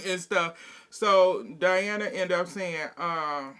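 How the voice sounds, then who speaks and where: Bright-toned man giving a blunt gossip recap. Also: fairly high pitch, measured pace, clean tone. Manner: blunt, profane, gossipy retelling with quoted dialogue. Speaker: reality TV recap vlogger. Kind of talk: casual episode recap and opinion.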